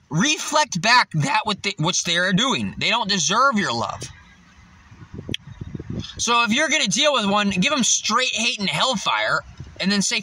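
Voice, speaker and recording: A man's voice: high-pitched, bright, forceful tone, slight background noise, low-quality recording. Fired-up swearing man ranting. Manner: blunt, swears constantly, fired-up. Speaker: vlogger. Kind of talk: profane ranting monologue. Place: parked car in a parking lot.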